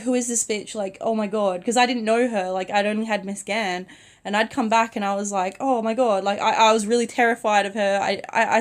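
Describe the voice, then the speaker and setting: A young woman who is sick, telling a casual storytime vlog from bed in a soft-spoken, chatty way with many "like" fillers. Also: fairly high pitch. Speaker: vlogger. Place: in bed at home.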